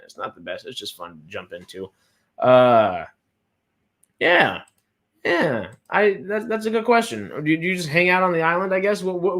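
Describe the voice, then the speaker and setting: Rambling man with a higher voice. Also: fairly bright tone. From Texas. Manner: rambling, with frequent restarts and fillers. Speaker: host. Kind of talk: casual livestream chat.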